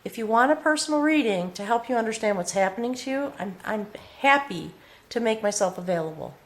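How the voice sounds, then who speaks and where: A woman giving an emotional, earnest spiritual tarot reading, talking straight to the viewer and often checking in with a soft "okay?". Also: a little high, lively intonation, brisk. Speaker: tarot reader.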